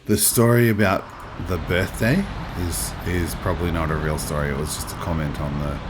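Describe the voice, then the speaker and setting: A man in his thirties, with a fairly low voice, chats casually through a live game stream and keeps reading out and answering his chat. A steady hum of noise sits clearly underneath his voice. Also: normal speed. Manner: chatty, reads chat aloud and answers it.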